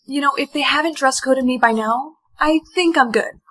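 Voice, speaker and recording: A woman's voice: high-pitched, moderate pace, fairly bright tone, rough recording. A woman playing a sassy, feisty young woman in a TikTok POV skit, with snappy, sarcastic comebacks.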